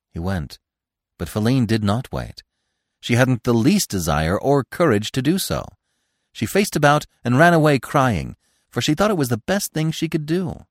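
A man reading a classic story aloud as a narrator, expressive and animated. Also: mid-range voice, moderate pace, no room sound, clean studio sound. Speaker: audiobook narrator.

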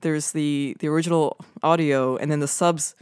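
A woman's voice: sits low, fairly even intonation, moderate pace, darkish tone, clean tone, no echo. Enthusiastic woman in a dry room. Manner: enthusiastic, reads Japanese lines with care. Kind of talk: casual chat.

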